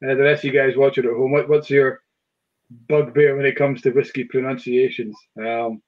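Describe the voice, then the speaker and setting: A man hosts a relaxed online whisky chat. His pitch sits mid-range, and he hesitates often with fillers and restarts. The sound is dull and lo-fi, like a video call. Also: moderate pace. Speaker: whisky shop host.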